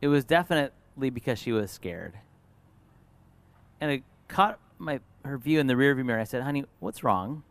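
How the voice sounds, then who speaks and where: A middle-aged man, a pastor preaching a sermon, telling a personal story in an earnest way that moves between lively and hushed. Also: mid-range voice, normal speed, no room sound.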